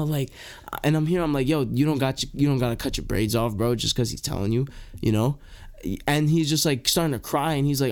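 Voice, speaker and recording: A young man telling a story in loose, animated slang. He swears freely and leans on "like" and "bro" as he goes. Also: mid-range voice, fairly quick. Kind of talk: casual storytelling.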